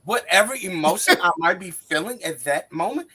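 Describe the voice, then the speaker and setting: A man's voice: sits high, expressive, moderate pace, sharp tone. A man in his forties on a wrestling panel, bantering dramatically and preaching in a mock-wounded tone.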